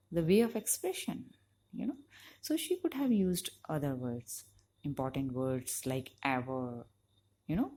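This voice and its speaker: A woman's voice: fairly low pitch, warm tone, husky. A woman teacher, giving a conversational lecture to university students and leaning on "you know" as she explains. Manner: explanatory, emphatic on key points.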